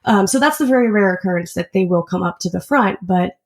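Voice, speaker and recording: Female guest with a strong gravelly edge at mid pitch, earnest and chatty, explains things in detail. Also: brisk. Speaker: auto shop service advisor. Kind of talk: casual interview chat.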